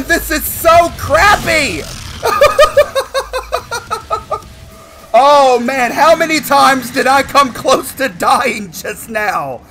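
A man giving excited gameplay commentary as a gaming channel host, with loud, animated exclamations. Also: very high voice, very noisy.

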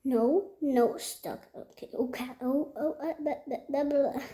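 A woman giving casual gameplay commentary, excitable and easily frustrated, swinging between loud outbursts and whispers. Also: sits high, a little slow. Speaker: gaming video creator.

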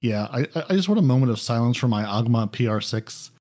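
A man's voice: medium pitch, animated, quick pace, dark tone. Rambling man talking games casually. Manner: rambling, self-correcting, apologetic. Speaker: podcast co-host. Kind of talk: casual gaming podcast chat.

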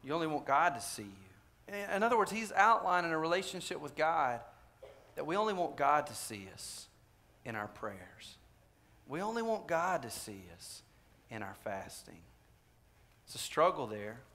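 A preacher with a high, bright voice delivers a sermon in a church sanctuary. He keeps it conversational, questioning the congregation directly and hammering home key phrases by repeating them. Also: very animated, normal speed. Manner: emphatic repetition of key phrases. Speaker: pastor.

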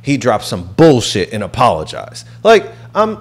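A man on a podcast with a lively, swinging pitch. He talks bluntly and gets fired up, swearing freely as he rants. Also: a little slow. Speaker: podcast co-host. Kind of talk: casual chat.

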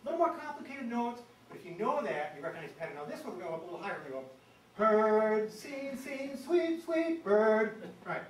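A man's voice: high-pitched, lively intonation, racing, few pauses, a little hiss or hum. A man giving a playful birding talk, leading the audience in chants like a conductor. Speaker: guest presenter at a birding society. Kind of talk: lively public talk with group chanting. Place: meeting hall before an audience. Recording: echoey hall, mic at a distance, audience audible.

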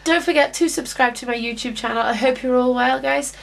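Gushing excitable young woman vlogger. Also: sits high, fairly quick, vocal fry. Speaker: YouTube vlogger. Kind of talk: trailer reaction vlog.

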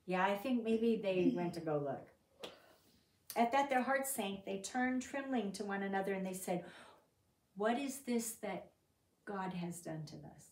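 A woman's voice: mid-range voice, a little slow. Woman Bible study leader, conversational and questioning, recorded from a distance in a reverberant room. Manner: conversational, asks the group questions; reads scripture aloud with lively emphasis. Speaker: Bible teacher.

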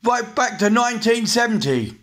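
A man in his forties with an English accent and a rather high voice, venting in an agitated, repetitive rant. He swears freely and hammers the same blunt points over and over, talking straight to his camera. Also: big pitch swings, normal speed, a bit bright. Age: 40s. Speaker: vlogger.

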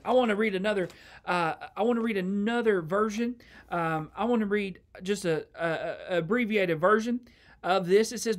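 A man with a Southern American accent preaching a sermon as associate pastor, reading scripture slowly and then explaining it plainly. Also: high-pitched, a bit bright.

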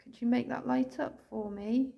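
An English woman ghost hunter calling out to spirits indoors, speaking slowly and tenderly, sometimes tearful, recorded on a handheld camera. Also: a little high, fairly even intonation, gravelly, muffled recording. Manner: soft, pleading, slow and tender, calling out with endearments. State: tearful at times.

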